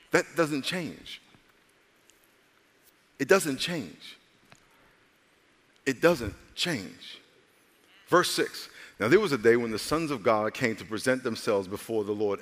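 Male pastor, sermon delivery, playful and direct with the congregation, mid-pitched voice carrying a long hall reverb. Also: a bit bright. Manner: preaching with humor and audience call-outs, voicing characters.

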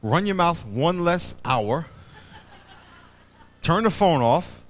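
A man preaching a sermon as pastor, swinging between loud bursts and hushed low passages. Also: sing-song, slow. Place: church.

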